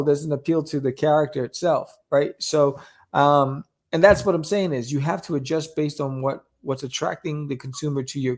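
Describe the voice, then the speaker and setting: A man talking in a casual podcast conversation about selling his comics, animated and ending points with a quick question. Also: mid-range voice. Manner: animated, keeps asking "right?". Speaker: comic creator guest.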